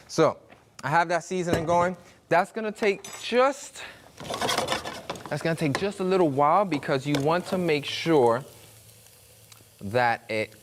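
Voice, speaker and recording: A Brooklyn-born cooking show host with a mid-range voice and a thick Brooklyn accent runs a demonstration while food sizzles in a pan. He's chatty and jokey, telling stories and acting out voices in his anecdotes. There's a slight hiss or hum on the recording.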